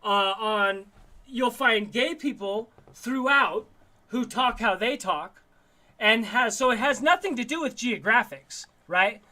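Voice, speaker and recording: A man's voice: very high-pitched, animated, slow pace, bright, forceful tone. A man from Denver hosting a live stream, chatting casually in slang and often repeating and restarting his words over a video call. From Denver, Colorado. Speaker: livestream host.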